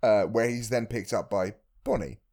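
A man's voice: fairly low pitch, normal speed, vocal fry. Wry man co-hosting a podcast. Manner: wry, deadpan jokes about themes. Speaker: podcast co-host. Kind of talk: casual film recap chat.

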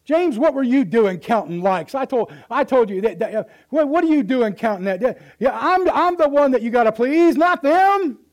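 A man's voice: very high-pitched, animated, moderate pace, hardly any pauses, pitched above the performer's own voice. A man preaching in church and voicing Jesus as exasperated, scolding his disciples in a strained, indignant voice. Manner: strained, indignant, rising to a near-shout.

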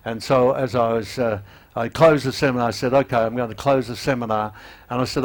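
A man in his eighties preaching a sermon, halting with fillers and restarts, often emotional, and growing louder and higher as he urges repentance. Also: fairly even intonation. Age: 80s. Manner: rises in pitch and volume when urging repentance.

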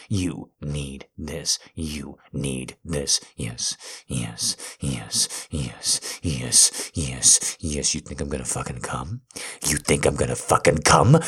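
A man playing a dominant, possessive lover in an erotic audio role-play, crude and commanding. His voice is extremely deep and husky. He speaks slowly and hammers short demands again and again. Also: exaggerated voice. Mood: driving.

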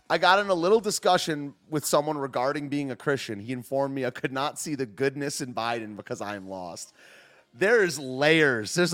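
Joking, animated young man streaming. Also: mid-range voice. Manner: joking, laughing often, slangy. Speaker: livestream host. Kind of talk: casual livestream commentary.

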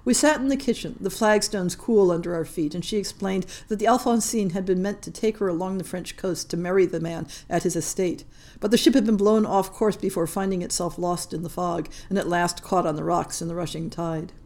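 A woman narrating a short story in a measured, gentle storytelling voice. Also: lowish voice. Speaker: podcast story reader. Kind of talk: scripted narration.

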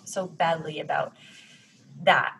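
A woman's voice: deep voice, steady tone, slow, creaky, very noisy. Candid woman in her thirties, faint ambience. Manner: candid, emotional, frequent restarts. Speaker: guest sharing fertility experience. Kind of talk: casual podcast conversation.

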